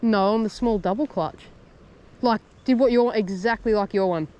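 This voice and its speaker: Laid-back Australian fishing vlogger. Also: male voice, high-pitched, normal speed, smooth. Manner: laid-back, excitable bursts, slangy. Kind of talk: casual commentary while fishing. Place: outdoors on a shoreline by water.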